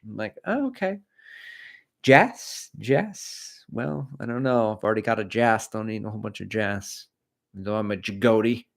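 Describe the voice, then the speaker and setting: A man's voice: on the low side, level tone, brisk, gravelly. A middle-aged man hosting a running livestream, chatting casually, cracking jokes and reading out viewers' comments. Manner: rambling, jokey, reads out chat comments. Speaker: running channel host.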